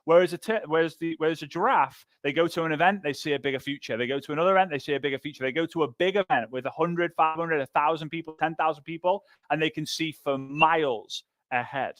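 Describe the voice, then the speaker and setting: A man teaching a motivational marketing lesson on a livestream, energetic and punchy, repeating phrases for emphasis. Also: on the high side, quick pace, hardly any pauses, dry recording. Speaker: sales trainer. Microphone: livestream microphone.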